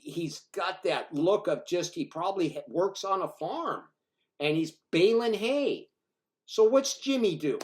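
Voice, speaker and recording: Older man, sixties, rambling, swearing, emphatic, slightly high voice. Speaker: storyteller. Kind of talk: casual spoken storytelling.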